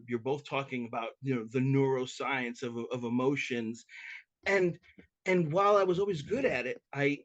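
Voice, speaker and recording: A man's voice: fairly high pitch, lo-fi sound. A man who works as a mediator, chatting as a podcast guest and telling stories eagerly, often restarting and repeating words as he goes. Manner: self-described talker, animated and chatty. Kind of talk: conversational interview storytelling.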